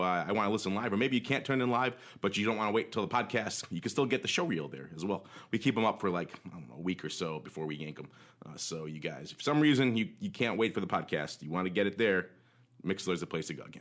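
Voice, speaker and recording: A man with a fairly low voice hosts a casual podcast, chatty and upbeat, wandering into asides. His voice sounds a little worn from a long stretch of talking. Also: fairly bright tone. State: voice slightly worn. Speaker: podcast host. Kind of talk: casual markets podcast hosting.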